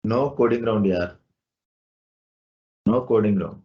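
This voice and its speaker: A man's voice: lowish voice, takes it slowly, muffled recording. A man teaching an online class, explaining step by step and asking rhetorical questions.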